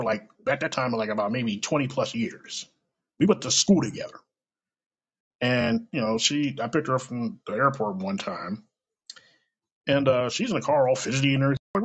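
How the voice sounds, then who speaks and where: A man talks in a casual, blunt monologue, swearing freely and acting out little quoted exchanges. His voice is gravelly and slightly husky, sitting a bit high and swinging widely in pitch. The recording sounds dull and lo-fi. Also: fairly bright tone. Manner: blunt, profane, rambling with quoted asides. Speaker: podcast host. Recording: lo-fi podcast recording.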